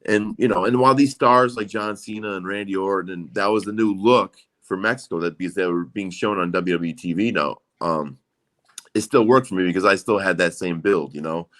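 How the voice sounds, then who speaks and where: Brief: man in his 40s, slightly low voice, rambling and profane interview guest. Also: fairly quick, a bit bright. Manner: rambling, swears freely, many fillers. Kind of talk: casual interview chat.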